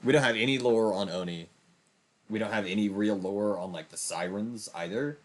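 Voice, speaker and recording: Talking at a moderate pace in a lowish voice, a young streamer gives loose, forceful commentary on his gameplay, often starting his sentences over.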